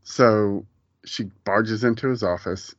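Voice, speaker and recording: A man's voice: lowish voice, takes it slowly, dull audio. A man in his forties co-hosting a podcast, talking casually and rambling, often breaking off mid-sentence and laughing at his own retellings. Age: 40s. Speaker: podcast co-host. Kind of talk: casual chat.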